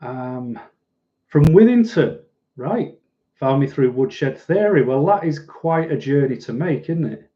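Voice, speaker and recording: Mellow-voiced man chatting live. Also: mid-range voice, animated, unhurried. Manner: chatty and rambling, laughs easily. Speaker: livestream host reading viewer comments. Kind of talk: casual live chat. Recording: dull lo-fi recording.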